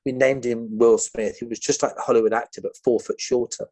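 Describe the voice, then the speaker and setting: On a podcast, a male guest with a mid-range voice tells a story fairly quickly and with plenty of energy. He acts out others' voices and laughs a lot.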